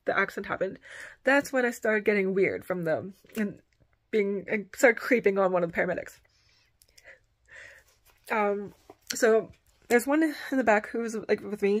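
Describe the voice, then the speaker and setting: Woman vlogger, casual rambling storyteller, filler-heavy delivery. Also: mid-range voice.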